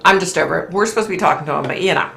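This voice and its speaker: A woman's voice: fairly low pitch, rapid-fire, creaky, very noisy. A middle-aged woman hosting a casual chat, telling a story to her viewers with frequent sighs. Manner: chatty storytelling, sighs often. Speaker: channel host.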